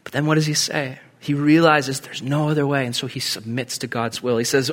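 A man preaching a sermon in a conversational, animated way, acting out quoted lines with big swings in pitch and loudness. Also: fairly quick, hardly any pauses. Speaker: pastor.

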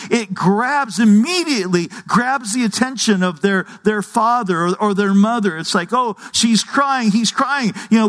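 A man's voice: high-pitched, a bit bright. A middle-aged man preaching a sermon, earnest and conversational, often restarting his sentences. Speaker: pastor. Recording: long hall reverb.

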